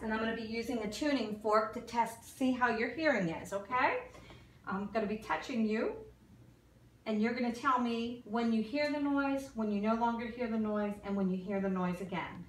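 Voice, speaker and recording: Woman, slightly high voice, instructive clinical exam talk, echoey room, mic far away. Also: moderate pace, slight background noise. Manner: instructive, step-by-step, stumbles on medical terms. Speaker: nursing student performing an exam.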